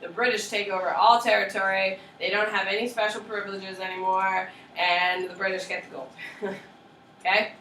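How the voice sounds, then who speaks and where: Woman teacher mid-lecture, lively and checking in a lot, recorded from a distant camera in an echoey classroom. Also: medium pitch, normal speed, a little hiss or hum. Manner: lively, checks in with students often. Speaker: history teacher. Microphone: far camera.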